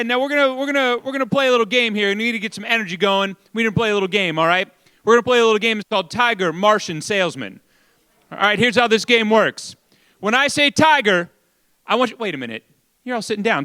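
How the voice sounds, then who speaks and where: A man hosting a live event, hyping up the audience with loud, energetic calls from a stage. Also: very high voice, brisk, smooth, dry recording. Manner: loud, energetic crowd warm-up. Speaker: event host. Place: large event hall with an audience.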